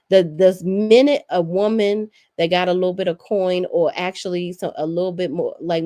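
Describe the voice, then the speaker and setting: A woman's voice: fairly low pitch, darkish tone, no room sound, clean studio sound. Sassy, blunt woman recapping reality TV. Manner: sassy, profane, blunt opinions. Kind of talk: casual recap commentary.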